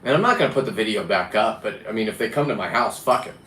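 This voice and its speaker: This fast-talking free diver and vlogger has a lowish, slightly bright voice with lively intonation. Chatting casually to camera about diving, he rambles, speaks bluntly and swears occasionally, while the recording picks up a roomy echo and faint background noise.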